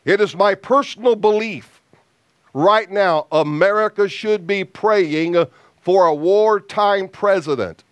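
A man preaching a sermon as an evangelist, slow and emphatic with deliberate pauses. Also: high voice, no echo.

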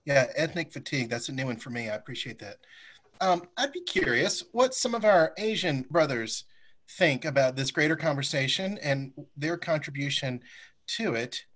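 A man's voice: on the high side, expressive, moderate pace, a bit bright. Man hosting a video-call forum. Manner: friendly, coaxing participants. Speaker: forum host.

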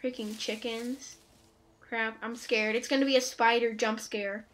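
A woman doing let's play commentary, joking around and breaking into loud startled outbursts. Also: fairly high pitch, fairly even intonation, a little slow. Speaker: gaming YouTuber.

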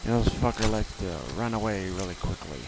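A man's voice: fairly low pitch, fast, heavy background noise. A man casually commenting on his gameplay, muttering profane trash talk at other players. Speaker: gamer playing online.

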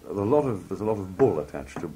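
A man from Liverpool with a very low, deep voice talks through his career as a broadcaster, spinning anecdotes with a raconteur's flair. He slips into other people's voices when he quotes them, and a faint hum sits under the recording. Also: animated, quick pace, dark tone. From Liverpool, England. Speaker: television announcer being interviewed. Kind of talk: relaxed anecdotal interview talk. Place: outdoor country fair at a cricket ground.

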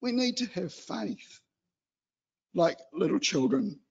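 A man from New Zealand giving an animated, chatty exhortation in a church hall. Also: high-pitched, takes it slowly, gravelly, slightly rough, muffled recording. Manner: chatty and animated, acts out excited children. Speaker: lay preacher.

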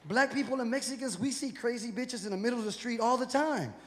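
A man's voice: extremely high pitch, fast talker, a bit bright. A man from Houston, Texas, performing a profane, punchy stand-up comedy set on stage. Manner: profane, rowdy, punchy delivery. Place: comedy stage before a live audience. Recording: live venue with long reverb and crowd noise. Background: audience laughter and hall ambience.

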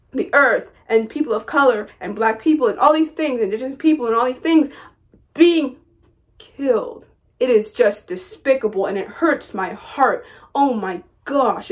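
A young woman vlogger ranting to camera, impassioned and hurt, repeating her phrases and trailing off into sad fillers. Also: on the high side. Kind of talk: emotional personal rant to camera.

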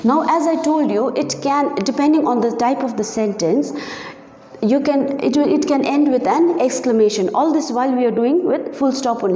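A woman explaining grammar in an online class, her voice a touch high and mellow. She keeps pausing to ask questions and to check in with the class. The sound is roomy, with a long echo trailing her words. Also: lively intonation. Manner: patient, repeats "okay" and "you know" often, asks questions to the class. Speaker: teacher. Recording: echoey room with long reverb.

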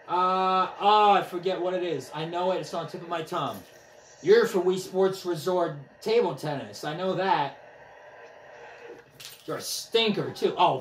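A young man giving casual commentary on a motion game he is playing, excitable and trash-talking, out of breath as he swings a controller. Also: high voice, slight background noise. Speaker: gaming vlogger. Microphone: camera mic from a few steps away. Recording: echoey room, distant from mic.

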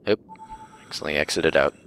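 A man doing casual let's play commentary with wry, deadpan jokes. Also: very deep voice, quick pace, slight background noise.

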